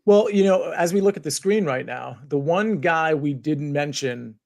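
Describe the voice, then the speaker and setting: A man's voice: on the high side, moderate pace, gravelly, darkish tone. A man co-hosting a golf betting podcast, easygoing and wry, tossing questions to his partner. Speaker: podcast co-host. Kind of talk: casual golf betting chat.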